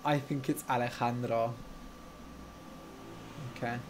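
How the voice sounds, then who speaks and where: A man teaching English on a live stream, telling a story slowly and clearly, explaining words and asking viewers questions in a relaxed, chatty way. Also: mid-range voice, slight background noise.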